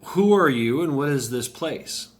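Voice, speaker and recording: A man voicing a legendary male warrior who is calm, curt and unbothered. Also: mid-range voice, extremely slow. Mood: puzzled.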